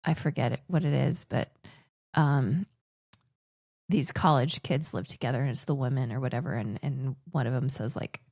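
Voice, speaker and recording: A woman's voice: extremely low pitch, normal speed, vocal fry, darkish tone, no echo, clean studio sound. A woman in her forties, raised in the Philippines, telling personal stories as a podcast guest in a chatty way, often restarting her sentences. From grew up in the Philippines. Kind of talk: casual conversational storytelling.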